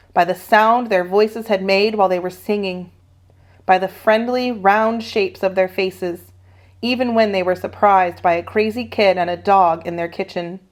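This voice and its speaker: Woman reading a children's novel aloud. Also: mid-range voice. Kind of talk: children's read-aloud narration.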